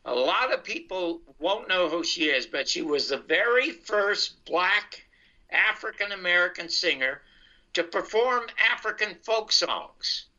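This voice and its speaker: An older man, a comedian, telling his life story in a casual, animated way and acting out the dialogue. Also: high-pitched, measured pace. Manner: animated anecdotal, acts out dialogue. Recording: dull lo-fi sound.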